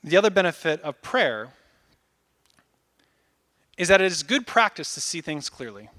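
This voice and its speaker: A man in his thirties preaching a casual, animated sermon, acting out little asides as he goes. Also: fairly high pitch, normal speed. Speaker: pastor.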